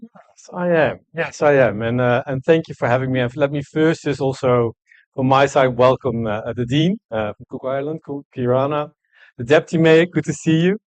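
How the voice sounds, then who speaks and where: A man whose first language is Dutch, speaking as an ambassador in a fireside chat, halting with many fillers and restarts. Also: medium pitch, dry recording. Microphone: no microphone, room.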